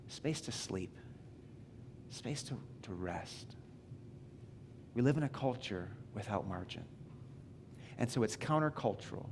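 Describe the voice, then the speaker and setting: A male pastor delivering a sermon in a relaxed, conversational tone, often restarting phrases and dropping into asides. His voice sits in an ordinary middle pitch. A faint low rumble runs underneath the recording. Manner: conversational, self-deprecating preaching with restarts. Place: church sanctuary.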